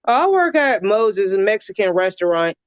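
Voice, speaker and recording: A woman's voice: mid-range voice, sing-song, moderate pace, no room sound. Chatty woman on a dull lo-fi call. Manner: chatty, rambling, laughs easily. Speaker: guest, viewer. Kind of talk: casual livestream chat.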